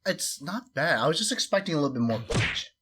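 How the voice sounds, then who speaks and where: A man's voice: on the high side, very animated, a little fast, noisy background. Easygoing man co-hosting. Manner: easygoing, chatty. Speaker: beer review co-host. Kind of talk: casual chat.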